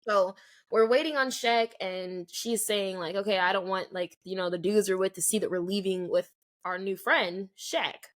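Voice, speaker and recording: A woman's voice: mid-range voice, moderate pace. A young adult woman co-hosting a podcast, telling a story in casual chat, acting out the dialogue and filling it with "like". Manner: animated, acts out quoted dialogue, many "like" fillers. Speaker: podcast co-host.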